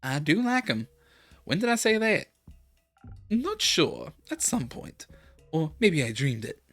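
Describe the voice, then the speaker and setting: Streamer reading as a curt gruff tavern lady, dry and blunt, faint music behind. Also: sits low, sing-song, takes it slowly, heavily acted. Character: gruff no-nonsense female tavern regular. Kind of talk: voicing game characters while playing.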